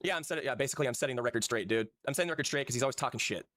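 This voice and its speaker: Fast-ranting man. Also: medium pitch, fairly bright tone, no room sound, studio quality. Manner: fast, heated ranting with filler "dude". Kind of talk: ranting stream talk.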